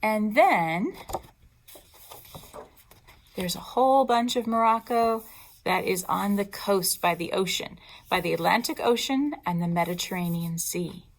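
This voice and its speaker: A woman librarian leading a storytime for young children, talking in an expressive, teacherly way. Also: mid-range voice, unhurried, long pauses.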